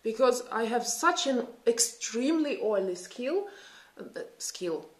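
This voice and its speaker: A woman in her thirties with a Russian accent talks in a fairly high voice with lively intonation and an unhurried pace. She's a beauty vlogger chatting casually and thinking aloud as she works through a makeup tutorial. The room is echoey.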